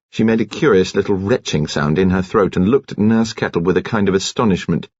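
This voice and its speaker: A man narrating an audiobook in a measured, even storytelling manner. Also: low-pitched, breathy edge, dull audio.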